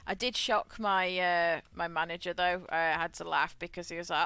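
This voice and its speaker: A woman's voice: on the low side, fairly quick, hardly any pauses, bright, forceful tone, clean tone, dry recording. A woman streamer chatting casually and rambling as she plays a game, often laughing. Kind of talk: casual chat while gaming.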